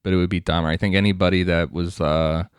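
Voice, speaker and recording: A man co-hosts a podcast in slow, laid-back casual chat, often agreeing with quiet yeahs. His voice is very deep. The recording is dry and close, with no room sound. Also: fairly even intonation, smooth, no room sound. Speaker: podcast co-host.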